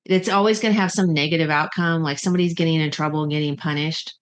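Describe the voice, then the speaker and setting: Female interview host, deep voice, thoughtful and casual. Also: steady tone, fast talker, clean tone. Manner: thoughtful, searching, informal. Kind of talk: interview questions.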